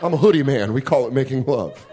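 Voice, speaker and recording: Animated profane male stand-up comic. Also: medium pitch, background noise. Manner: animated, profane, self-mocking with quick put-on voices. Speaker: stand-up comedian. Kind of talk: stand-up comedy set. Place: comedy club stage with live audience.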